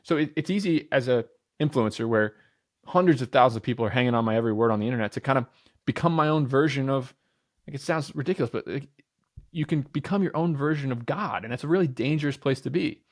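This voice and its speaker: Energetic man in his thirties, talking emphatically. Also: mid-range voice, quick pace. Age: 30s. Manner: energetic and emphatic, repeats phrases and restarts; sometimes swears casually. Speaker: podcast guest, entrepreneur. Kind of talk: casual podcast conversation.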